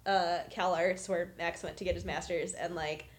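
A woman co-hosting a podcast in casual chat, giggly and animated when retelling scenes. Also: on the low side, moderate pace. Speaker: podcast co-host.

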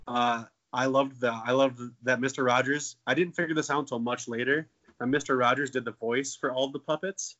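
Bright-voiced man in his twenties, joking. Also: medium pitch, fairly even intonation, brisk, dull audio. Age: 20s. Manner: jokey, profane, playful. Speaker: podcast co-host. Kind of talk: casual comedic chat.

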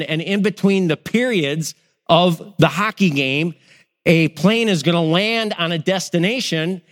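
A man's voice: on the high side, measured pace, big-room sound. A middle-aged male pastor, telling stories in a sermon and acting out the voices in them. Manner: animated storyteller, acts out quoted voices. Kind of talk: sermon with personal storytelling.

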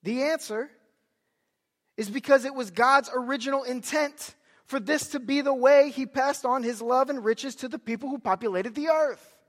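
Young male pastor, very high voice, animated sermon, loud emphatic bursts, long hall reverb. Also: moderate pace.

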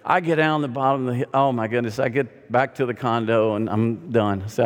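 A middle-aged man preaching a sermon, telling a humorous story in a lively, conversational way. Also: mid-range voice, normal speed. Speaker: pastor. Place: large hall or sanctuary. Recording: long hall reverb.

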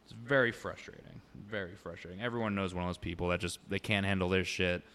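A young man in casual chat, ranting and swearing freely about a friend, getting loud and animated as he vents. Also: sits low, fast talker.

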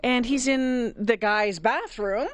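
A woman co-hosting a radio show, chiming in with quick reactions and a story of her own. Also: on the high side. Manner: chimes in with quick reactions and laughs. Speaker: radio co-host. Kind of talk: casual on-air chat.

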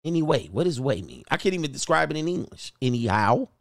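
A man's voice: mid-range voice, sing-song, fast talker, no room sound, clean studio sound. Joking, rambling male livestream host. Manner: joking, rambling, laughs often. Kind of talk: casual livestream commentary.

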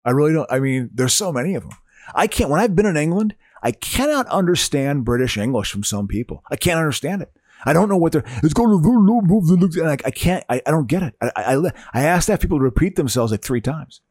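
A man's voice: on the high side, big pitch swings, fairly quick, darkish tone, dry recording, studio quality. A man in casual podcast chat, rambling, stammering over repeated words and laughing often.

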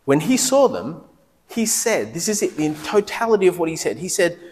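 A man preaching a sermon in a lively, conversational way, asking the congregation questions as he goes. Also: fairly high pitch, normal speed. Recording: long reverb of a large hall.

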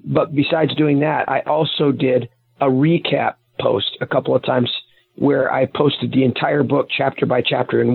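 Raspy man on a phone line. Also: medium pitch. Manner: earnest, explains at length with restarts. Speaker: author and private investigator guest. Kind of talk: casual interview talk. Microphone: phone call.

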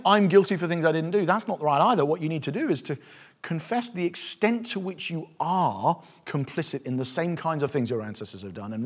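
A male preacher giving a sermon with passion, swinging from hushed, reflective stretches to loud, fervent appeals. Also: on the high side.

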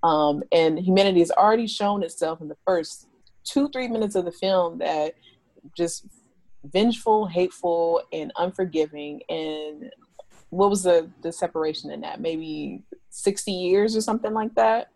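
A chatty woman with a low voice trades takes with her co-hosts, laughing often and restarting her sentences. Her tone is gravelly and fry-laden, and the sound is close and dry. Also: moderate pace, darkish tone, dry recording. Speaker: podcast co-host. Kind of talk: casual chat.

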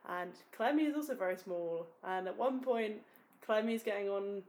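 A woman's voice: medium pitch, normal speed, a little mellow. A young woman co-hosting a podcast, chatting casually and telling stories with lots of giggling and self-mockery. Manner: giggly, storytelling, self-mocking. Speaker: podcast co-host. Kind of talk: casual chat.

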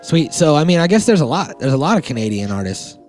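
A man's voice: fairly high pitch, very animated, fast talker, a little mellow, faint music behind. A man co-hosting a casual podcast chat, joking and swearing, acting out little made-up quotes. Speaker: podcast co-host.

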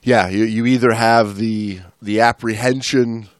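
A man's voice: on the low side, steady tone, a little slow, no room sound, studio quality. A man co-hosting a podcast, chatting casually and joking between book passages. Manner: joking, reads quotes with a mock French flair. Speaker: podcast co-host. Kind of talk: casual chat, reading book passages aloud.

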